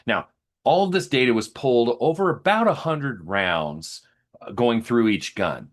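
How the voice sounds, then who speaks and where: Hosting a video that compares rifles, a man goes through the test numbers methodically, one step at a time, explaining each to viewers. His voice is medium in pitch with lively intonation, and he takes his time.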